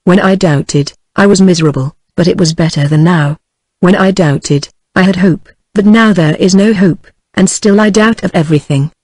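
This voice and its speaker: A woman's voice: lowish voice, moderate pace, a little mellow, no room sound. A text-to-speech female voice with a British English accent reading the lines of a cold, stiff, middle-aged aristocratic husband in a formal, clipped way.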